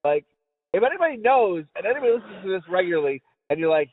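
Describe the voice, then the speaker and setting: A middle-aged man rambles through a casual podcast chat, full of swearing and laughter. His voice sits high for a man. It comes through a tinny phone line with a close, dry sound. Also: very animated, fast, no echo. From United States. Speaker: podcast host.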